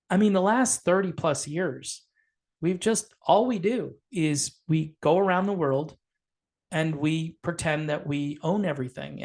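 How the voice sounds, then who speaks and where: Man, political commentator, sarcastic, rambling, casual, high voice. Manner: sarcastic, rambling, addresses viewers as folks.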